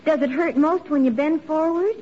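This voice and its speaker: A woman playing a chirpy naive girl, high. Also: moderate pace, a little mellow, lo-fi sound, natural voice. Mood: earnest. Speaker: radio comedy character. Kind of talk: 1940s radio acting. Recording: noisy old radio recording with studio audience.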